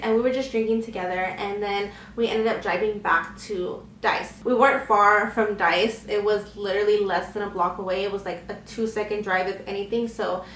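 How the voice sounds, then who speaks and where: A woman's voice: mid-range voice, fairly bright tone, a little hiss or hum. A young woman telling a personal story in a candid, chatty way, acting out what others said. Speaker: vlogger. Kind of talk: casual storytime chat. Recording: echoey room, faint ambience.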